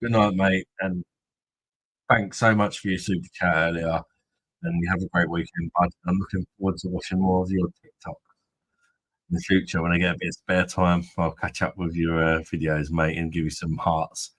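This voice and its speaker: A man's voice: low voice, flat delivery, moderate pace, fairly bright tone, rough recording. A man from Kent, hosting a live stream and bantering with viewers in crude, jokey chatter. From Kent, England. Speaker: host of a beer review live stream. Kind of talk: casual live-stream chat.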